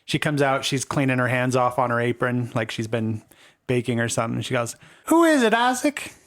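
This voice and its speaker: A man running a tabletop game, narrating in a casual, halting way. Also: medium pitch, little pitch movement, fairly bright tone. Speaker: game master.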